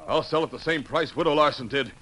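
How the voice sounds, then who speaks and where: A man's voice: fairly high pitch, quick pace, a bit bright, slight background noise, natural voice. A man playing a greedy storekeeper villain. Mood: pleading. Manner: blustering, then pleading and panicky. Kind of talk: 1940s radio acting.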